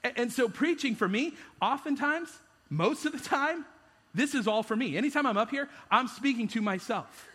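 High-voiced man preaching in a hall. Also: lively intonation, moderate pace, sharp tone, slightly rough. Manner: conversational, self-deprecating, with stumbling restarts. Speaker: pastor. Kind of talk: sermon.

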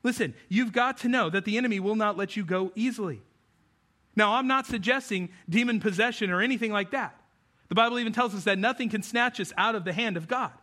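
A man's voice: high voice, brisk, pushed and bright. A male pastor giving a conversational sermon, often asking the congregation questions. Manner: conversational, asks the audience questions.

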